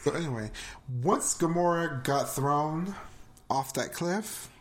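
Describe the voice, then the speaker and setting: Lively low-voiced woman podcast host. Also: takes it slowly. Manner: animated, laughing, swears freely. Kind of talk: casual chat.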